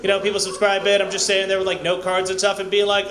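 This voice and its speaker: A male open-mic comedian with a high voice rambles through self-mocking bits and shouts questions to the crowd. The echoey room rings around his handheld mic. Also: monotone, quick pace, background noise. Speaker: stand-up comedian.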